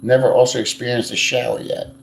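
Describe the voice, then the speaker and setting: A man chats on a live stream and talks back to viewers' comments. He is blunt and crude, swears freely and rambles from one point to the next. His voice sits at an ordinary middle pitch and bounces around a roomy, echoey space. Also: fairly quick, vocal fry, slight background noise. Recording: echoey room.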